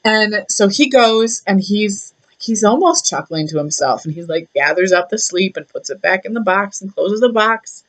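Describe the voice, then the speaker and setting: A young woman retells an old myth in a loose, chatty style. She is irreverent and full of fillers, and her voice sits at a middle pitch. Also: expressive, moderate pace, hardly any pauses. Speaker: storyteller.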